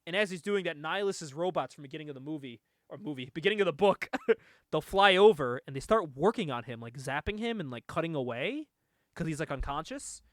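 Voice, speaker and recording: A man's voice: a little high, lively intonation, a little fast, no room sound. Chatty man with a dry, close sound. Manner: loose, chatty retelling with frequent laughs and swearing. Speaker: podcast host. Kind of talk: casual comic book recap.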